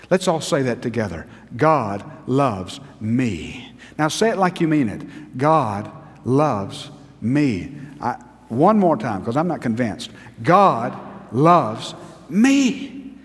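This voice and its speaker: Slow, emphatic preaching man. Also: on the high side, in a large hall. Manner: preaching with emphatic repetition, dropping to a hushed tone. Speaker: pastor. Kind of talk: sermon.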